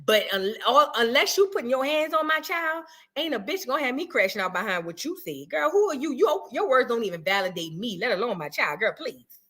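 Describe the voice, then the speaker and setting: A woman's voice: a little high, big pitch swings, brisk, fairly bright tone. A woman hosting a blunt, profane reaction commentary, full of mocking impressions. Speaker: commentary host.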